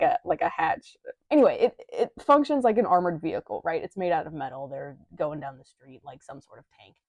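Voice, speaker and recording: A woman's voice: fairly low pitch, darkish tone, no room sound, dull audio. A young woman reviewing a manga in a chatty, wry manner with playful asides, reading from a script.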